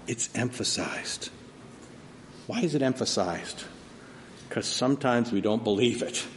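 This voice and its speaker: Male pastor, sermon. Dynamic, unhurried, echoing sanctuary. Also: medium pitch, slight background noise. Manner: dynamic preaching, swinging from soft to loud emphasis. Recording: long hall reverb, faint ambience.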